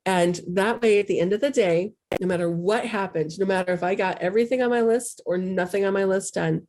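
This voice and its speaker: Brisk and a little mellow, this middle-aged woman's voice sits at a medium pitch. She hosts a podcast as a spiritual coach, and her heartfelt, casual talk wanders candidly, with plenty of self-deprecation.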